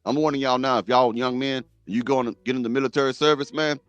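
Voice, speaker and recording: A middle-aged man talks straight at his audience in a blunt, preachy way, hammering his points home by repeating them. His voice sits at an ordinary pitch, and the sound is dry and close. Faint music runs underneath. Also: fairly even intonation, fast talker, clear, resonant tone, dry recording, highs cut off. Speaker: host. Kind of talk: reaction commentary.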